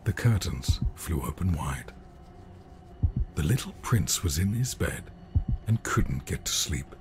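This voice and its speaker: A man putting on a deep, gravelly voice to read a bedtime storybook aloud over a gaming session. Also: very animated, slow, exaggerated voice. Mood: solemn. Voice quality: low gravelly voice. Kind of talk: storybook reading.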